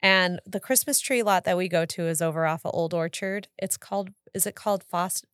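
Chatty, laughing woman, lowish voice. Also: fairly quick, a bit bright, clean tone, dry recording, clean studio sound. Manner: chatty, laughs often, acts out her kids' voices. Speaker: podcast co-host. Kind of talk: casual chat.

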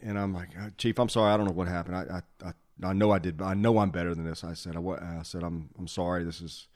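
A man hosting a podcast, a former fire officer telling old station stories in a lively way, acting out the quotes and laughing often. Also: low voice, fast. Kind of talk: casual storytelling chat.

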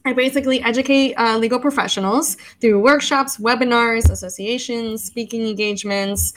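This legal educator, a woman from the US in her thirties, guests on an interview podcast with a slightly high voice at normal speed. She's casual and lively, frequently reenacting her own past words, over poor audio.

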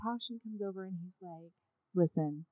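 Woman co-host, casual chat, frank and swearing, quick to laugh, fairly high voice, dry close sound. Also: expressive, a bit bright, no room sound, poor audio. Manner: frank, profane, laughs often. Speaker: podcast co-host. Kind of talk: casual book discussion.

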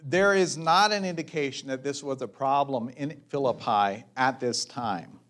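A man preaching a measured, thoughtful sermon as a pastor, pausing for reflective asides. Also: mid-range voice, fairly bright tone.

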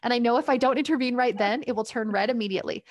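Woman, parenting coach, upbeat and chatty, fairly high voice, dry sound. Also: racing, no room sound. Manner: upbeat and explanatory, laughs between points. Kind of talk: guest giving advice in a podcast interview.

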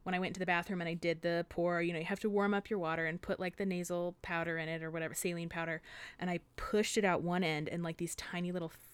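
A woman co-hosting a podcast, telling a story in a casual, animated way, full of swearing and acted-out quotes. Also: fairly low pitch, fast talker, clear, resonant tone, no room sound. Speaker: podcast co-host.

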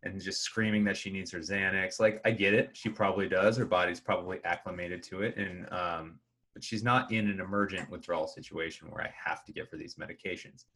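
A man with a fairly low voice talks through his emergency room experience in a relaxed podcast chat. He is measured and explanatory, and he readily agrees with his co-host. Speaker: emergency room healthcare worker.

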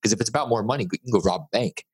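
A man's voice: lowish voice, racing, breathy edge, no echo. A man speaking as a guest author in a podcast interview, emphatic and blunt, repeating his key words.

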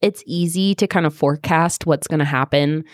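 A woman with a low voice chats casually as a podcast co-host, with lots of fillers. Her voice sounds dry and close, with no room echo. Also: moderate pace. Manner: chatty, many fillers, retells scenes with laughs. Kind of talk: casual book club chat.

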